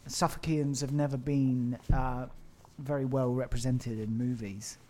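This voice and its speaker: A man co-hosts a casual chat podcast, speaking at a middling pitch. He talks in sweary, teasing banter with his friends. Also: level tone, unhurried, warm tone. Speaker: podcast co-host.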